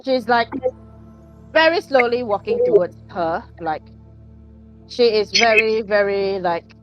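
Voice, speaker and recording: A woman's voice: medium pitch, expressive, slow pace, lo-fi sound, faint music behind. A woman playing a tabletop role-playing game, describing her character in a rambling way full of "like" and giggles. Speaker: player.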